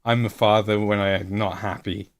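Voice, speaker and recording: A man's voice: fairly low pitch, flat delivery, normal speed. A man in his late thirties chatting casually on a live stream while painting miniatures, rambling and joking and laughing at himself. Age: 30s.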